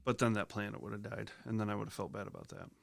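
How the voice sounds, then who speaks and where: A man's voice: fairly low pitch, flat delivery, racing, vocal fry, no room sound. A man co-hosting a casual podcast, telling stories with dry asides. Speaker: podcast co-host. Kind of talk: casual chat.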